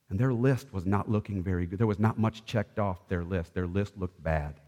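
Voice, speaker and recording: A man's voice: lowish voice, expressive, fairly quick, few pauses. Impassioned male preacher in a reverberant hall. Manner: impassioned preaching, swelling loud then dropping soft. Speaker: pastor. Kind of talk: sermon.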